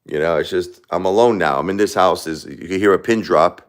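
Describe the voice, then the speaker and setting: Deep-voiced grieving man in his forties. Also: brisk. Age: 40s. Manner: rambling, repetitive, confessional. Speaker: livestream host. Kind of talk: live-stream talk to viewers. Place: his home, alone.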